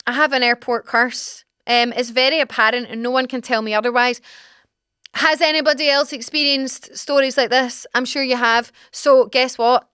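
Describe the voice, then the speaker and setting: Young Scottish woman, podcast host, animated storytelling, smooth voice, dry close sound. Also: fairly high pitch, no room sound. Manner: animated, exasperated, laughing storyteller. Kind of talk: casual storytelling monologue. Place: studio.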